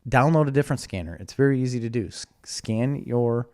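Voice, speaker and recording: A man's voice: medium pitch, a little fast, darkish tone. A man from the Chicago area co-hosting a podcast, bantering casually and slipping into mock accents. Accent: Chicago-area American. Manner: joking, breaks into mock Chicago-Italian voice. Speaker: podcast co-host.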